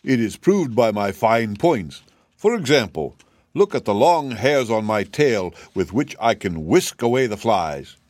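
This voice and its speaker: A man's voice: on the low side, very animated, a little slow, darkish tone, no echo. A man voicing a proud, vain old male cab horse who talks down with lofty pity. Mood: boastful. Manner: boastful, pitying, lofty.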